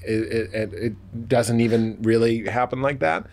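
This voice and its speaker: A man's voice: medium pitch, unhurried, creaky. Man riffing on a comedy podcast. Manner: animated, riffing, playful bits. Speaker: guest comedian. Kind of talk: casual comedy podcast chat.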